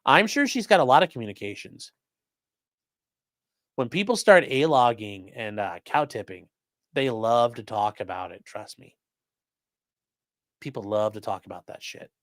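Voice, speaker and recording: A man's voice: medium pitch, expressive, moderate pace, pauses often, fairly bright tone, no echo, studio quality. A man doing mocking, sarcastic live-stream commentary while reading chat, swearing often.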